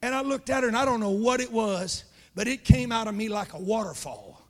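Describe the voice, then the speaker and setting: A man preaching a sermon in a church, telling a story and building to passionate shouting. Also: sits high, animated, fairly quick, in a large hall.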